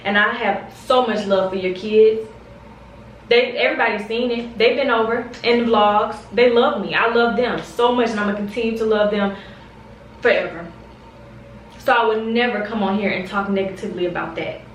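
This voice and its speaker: A woman's voice: mid-range voice, steady tone, moderate pace, reverberant, recorded from a distance, highs cut off, a little hiss or hum. A young woman vlogger speaking straight to camera, heated and confrontational, repeating her points for emphasis. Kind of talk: direct-to-camera storytime rant.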